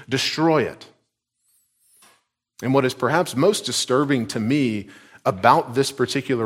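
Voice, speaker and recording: A man from Georgia preaching a sermon. He talks in an earnest, emphatic way and lets his lines drop low and soft at the ends.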